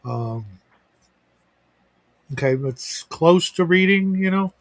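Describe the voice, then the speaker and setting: His high, expressive voice takes its time as he hosts a livestream. The chat is casual and meandering, with frequent restarts and tangents.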